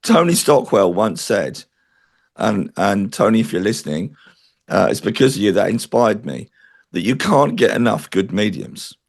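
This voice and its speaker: A man's voice: on the low side, very animated, normal speed, creaky, slightly rough. A man interviewed as a spiritual medium, talking in an earnest, chatty way and telling stories. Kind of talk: interview conversation.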